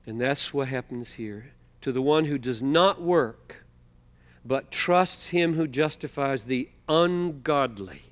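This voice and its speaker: Preaching an expository sermon, a man speaks emphatically in an animated, mid-range voice. He slows down to hit key words and moves between loud exclamations and hushed asides.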